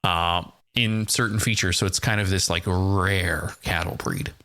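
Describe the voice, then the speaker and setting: Man, bright tone, casual podcast chat, reads out trivia quickly. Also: low voice, steady tone. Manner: reads facts off quickly, dry teasing. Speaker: podcast host running a quiz.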